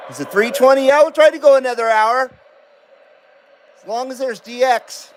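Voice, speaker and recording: A man's voice: very high voice, slight background noise, rough recording. A man hosting a casual live-stream about CB radio, chatting loosely, laughing often and reading viewer comments aloud. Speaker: CB radio livestream host.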